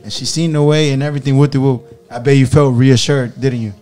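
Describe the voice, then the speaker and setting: A man's voice: medium pitch, steady tone, fast talker, a little mellow. A man co-hosting a casual group chat, talking emphatically with street slang. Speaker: podcast co-host.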